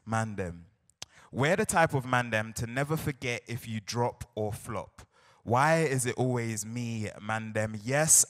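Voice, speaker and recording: South London poet in a reverberant hall. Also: male voice, medium pitch, fairly bright tone. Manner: chatty, playful banter with the crowd. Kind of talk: spoken word poetry performance. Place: large hall on stage with audience. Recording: live hall recording with long reverb.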